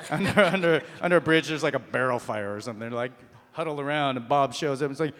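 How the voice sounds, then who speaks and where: In a big hall, a convention panel guest with a medium-pitched voice rattles quickly through a funny story for the live crowd. He does the characters' voices and breaks into laughter as he goes.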